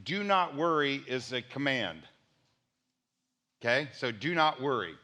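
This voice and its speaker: Bright-voiced man preaching a sermon. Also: mid-range voice, big pitch swings, unhurried. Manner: conversational preaching, repeats for emphasis. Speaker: pastor.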